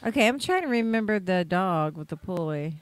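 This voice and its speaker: A woman co-hosts a relaxed movie podcast. Her pitch moves all over the place as she talks. She reacts quickly and expressively to the others. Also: clean tone, dry recording. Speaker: podcast co-host. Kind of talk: casual podcast chat.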